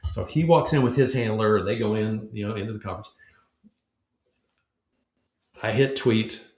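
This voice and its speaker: A man from Memphis, a podcast guest, telling a long story in a relaxed way and acting out quoted dialogue as he goes. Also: fairly low pitch, fast talker. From Memphis, United States. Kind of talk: casual storytelling. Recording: echoey room.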